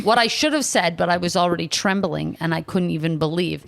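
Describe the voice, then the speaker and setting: A young woman hosts a podcast with a somewhat low voice, telling a story in casual, comedic fashion. She exaggerates the retelling and breaks into sudden loud outbursts. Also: fairly quick, vocal fry. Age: young adult. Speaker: podcast host.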